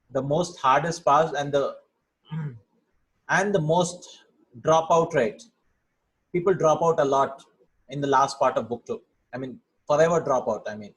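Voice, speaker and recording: This Arabic teacher's voice is a little high, and the recording is low quality. His lesson on vocabulary and grammar is casual: he thinks aloud, reads every word, then glosses it, ending lines with "right?" or "yeah?"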